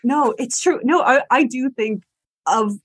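A woman's voice: high voice, measured pace, husky, dry recording. A young woman hosting a podcast in casual chat, chatty and full of "like". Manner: chatty, lots of "like", bursts of laughter. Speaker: podcast host.

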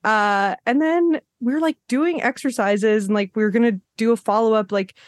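A woman's voice: a little high, normal speed, no echo, studio quality. Chatty woman host telling stories. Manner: animated storyteller, acts out quotes with laughs. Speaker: podcast host. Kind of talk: casual chat.

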